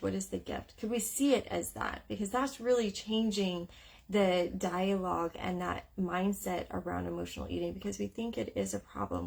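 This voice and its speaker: A woman's voice: mid-range voice, creaky. A woman coach hosting a casual live stream, candid and a little emotional after crying, with frequent fillers. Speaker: eating psychology coach.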